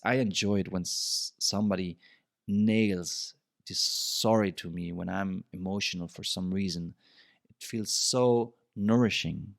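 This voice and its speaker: A man's voice: lowish voice, dry recording, studio quality. A man hosting a podcast, giving relationship advice in a reflective, casual monologue and often repeating himself. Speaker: podcast host.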